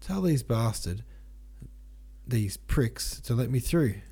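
A man playing a hot-headed young cavalry officer who shouts and swears and turns his r sounds into w. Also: mid-range voice, unhurried, husky. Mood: raging. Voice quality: cannot say r, turns it to w.

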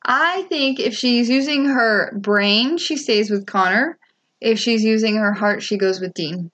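A woman hosting a podcast, chatting casually about a TV show, laughing often and throwing in quick asides. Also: fairly high pitch, a bit bright. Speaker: podcast host. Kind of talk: casual chat recapping a TV show.

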